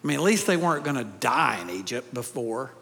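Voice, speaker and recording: A man's voice: medium pitch, sing-song, fairly quick, sharp tone, long reverb tail. A man preaching a sermon to a congregation, with a conversational manner and joking asides. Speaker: pastor. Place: large church hall.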